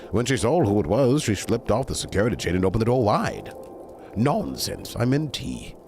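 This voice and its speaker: A man's voice: lowish voice, sing-song, fast talker, a little mellow, a little hiss or hum. A man reading a bedtime story aloud to a stream, breaking off for chatty, digressing asides.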